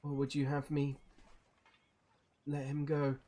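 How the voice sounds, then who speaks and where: A man's voice: fairly high pitch, monotone, warm tone. Brief: a man playing a composed, formal gang leader. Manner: formal, measured speech. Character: dignified male crime boss, formal and measured.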